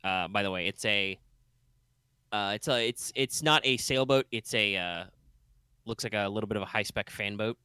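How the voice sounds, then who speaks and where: Bright, crisp-voiced male game master. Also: on the low side, moderate pace, dry recording. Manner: rambling, many fillers and restarts. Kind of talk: narrating a tabletop game.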